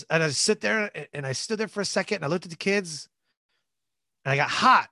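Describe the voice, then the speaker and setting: A man guest on a podcast, telling a personal story in an animated way and acting out the voices of people in it. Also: high-pitched, fairly quick, dry recording. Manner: animated, acts out voices in his stories, many fillers like "like".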